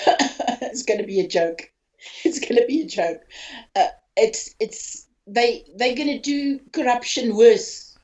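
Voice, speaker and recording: An older woman from South Africa telling of her own hospital ordeal in a halting, emotional way, often repeating words. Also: a little high, darkish tone. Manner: halting, repeats words, voice rising when upset. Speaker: interviewee, hospital patient. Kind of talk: emotional personal account. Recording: dull lo-fi audio.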